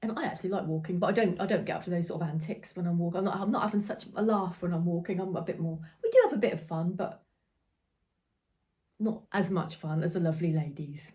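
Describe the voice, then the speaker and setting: A woman's voice: lowish voice, fast talker, warm tone. A woman hosting a crafting podcast, chatting in a rambling, giggly way from her home. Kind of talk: casual chat.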